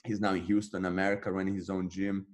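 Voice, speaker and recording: A man with a lowish voice tells his story in a relaxed, chatty way. He acts out old conversations, his voice jumping up as he plays himself and others. It sounds like a casual podcast guest in his thirties. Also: fast. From Brazil. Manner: animated, acts out his own past dialogue. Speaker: interview guest, jiu-jitsu black belt.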